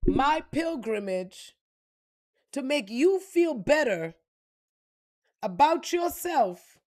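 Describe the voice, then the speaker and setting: A woman's voice: sits high, darkish tone. A woman spiritual reader ranting to camera in a blunt, profane, heated way. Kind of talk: unscripted rant to camera.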